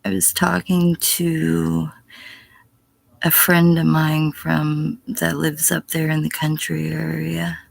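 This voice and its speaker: Gravelly, husky middle-aged woman. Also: low voice, completely flat delivery, slow pace, no room sound. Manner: blunt, profane, slips into whispers. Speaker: livestreamer answering chat. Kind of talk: casual livestream chat.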